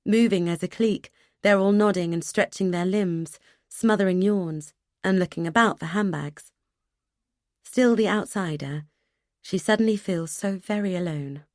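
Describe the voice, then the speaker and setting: Woman narrating in a measured, lowish voice. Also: a little mellow, dry recording, clean studio sound. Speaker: audiobook narrator. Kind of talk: scripted audiobook narration.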